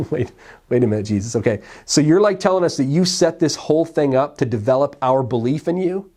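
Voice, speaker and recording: Pastor guy preaching, acts out the bible story voices, mid pitch, church service. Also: brisk. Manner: animated storytelling, acts out dialogue. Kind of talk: sermon. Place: church sanctuary.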